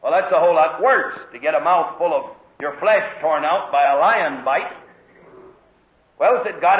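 A man with a voice on the high side preaches a sermon at a moderate pace, telling stories animatedly and acting out the voices in quotes. The phone-like, lo-fi recording echoes through a hall, and the congregation can be heard responding.

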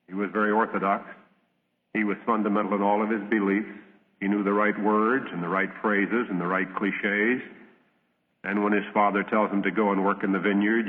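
A man preaching a sermon, reading scripture in a measured, solemn way and telling a parable. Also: on the low side. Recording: tinny old radio broadcast, long reverb.

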